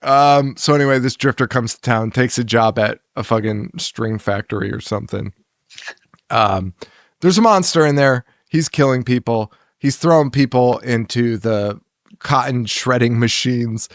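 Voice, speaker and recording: A man's voice: medium pitch, moderate pace, dry recording, studio quality. A man co-hosting a casual film podcast, rambling and swearing, laughing often. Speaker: podcast co-host. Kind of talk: casual chat about films.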